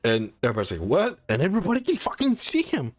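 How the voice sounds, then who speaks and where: A man's voice: mid-range voice, huge pitch swings, racing. A man giving a casual spoiler review of a movie, swearing often and sounding incredulous as he rambles.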